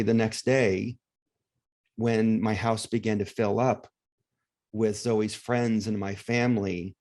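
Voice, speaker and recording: A man's voice: on the low side, a little mellow. A man interviewing a guest about grief, speaking in a reflective, encouraging way. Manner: reflective, encouraging, emotional at times. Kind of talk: warm conversational interview.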